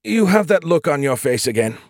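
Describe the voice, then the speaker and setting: Guy putting on a squeaky snarky ai, whiny and screechy, storybook style, dry sound. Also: sing-song, brisk, dry recording. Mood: exasperated, panicky. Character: snarky, dramatic male AI with tiny hologram avatar.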